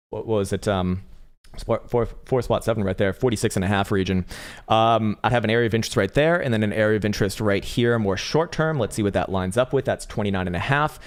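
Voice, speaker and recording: A man's voice: on the low side, fairly quick. A man hosting a casual crypto trading livestream, chatty and profane, reading chat and laughing often.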